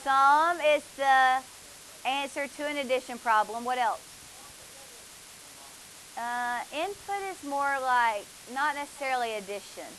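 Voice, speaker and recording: A woman's voice: high voice, animated, unhurried, fairly bright tone, a little hiss or hum, poor audio. A woman, teaching a math class, asking students questions and praising their answers.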